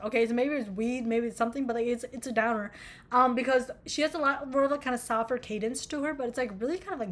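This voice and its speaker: A young American woman in her twenties, a vlogger, chats casually about music in a voice on the high side and a bit bright. She rambles, swears and pokes fun at herself.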